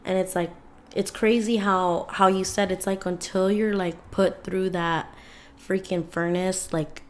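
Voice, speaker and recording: A woman's voice: medium pitch, steady tone, unhurried. A young woman co-hosting a podcast in casual chat, talking chattily with lots of fillers. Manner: chatty, many "like"s, emotional retelling. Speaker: podcast co-host.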